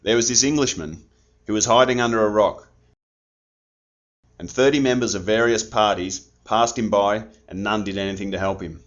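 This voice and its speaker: A man's voice: fairly low pitch, moderate pace. An older man, speaking firmly and formally in an interview. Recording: dull lo-fi audio.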